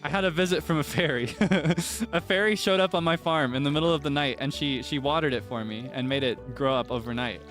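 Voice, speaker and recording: A chatty young man streams a farming game in a fairly high voice, laughing often and launching into dramatic, frustrated rants. Soft game music plays faintly behind him. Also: fairly quick. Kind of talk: casual gameplay chat.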